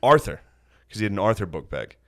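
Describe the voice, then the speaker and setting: A man's voice: lowish voice, very animated, fast talker, fairly bright tone. A man hosting a podcast, telling crude stories in casual chat and laughing at his own jokes.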